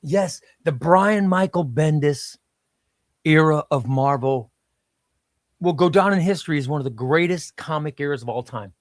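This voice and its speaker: A man's voice: a little high, normal speed, dry recording, studio quality. A man in a casual comics chat, eager and emphatic, asking lots of questions. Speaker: comics discussion panelist.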